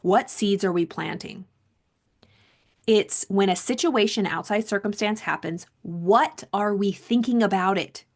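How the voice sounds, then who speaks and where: A woman's voice: medium pitch, unhurried. A woman coach reading a self-help book aloud, then talking it over in a casual, conversational way and repeating herself for emphasis. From Southern California. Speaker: mindset coach.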